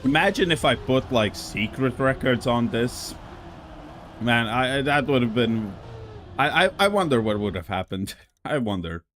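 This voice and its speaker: A man's voice: medium pitch, lively intonation, a little slow, a bit bright, a little hiss or hum. A man casually commenting on racing game records on a live stream, rambling with many fillers and an occasional cough. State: coughing now and then.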